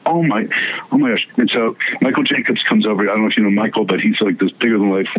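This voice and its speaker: A man with a fairly low voice tells a long anecdote in lively fashion, slipping into other people's voices as he quotes them. He stumbles and restarts often. The sound is thin and phone-like. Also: quick pace, breathy edge. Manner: animated, acts out quoted voices, many restarts. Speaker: TV producer and guest. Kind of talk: storytelling in conversation. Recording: tinny phone-like line.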